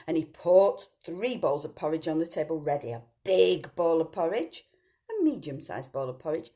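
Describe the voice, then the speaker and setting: A woman's voice: sits low, big pitch swings, moderate pace, warm tone. A woman telling a children's story, sing-song and asking the listeners questions.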